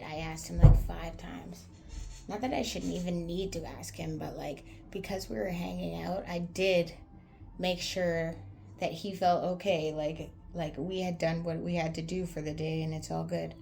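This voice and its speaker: A woman's voice: on the low side, vocal fry, mellow. A young woman telling her own story candidly, blunt and profane, rambling with lots of fillers. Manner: rambling, with many fillers like "like" and "anywho".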